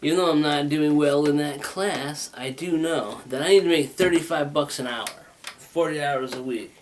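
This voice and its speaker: A man's voice: a little high, normal speed. Rambling laid-back man, noisy recording. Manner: rambling, laid-back, swears and laughs often; says he has a stutter. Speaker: talk show host. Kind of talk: rambling solo monologue.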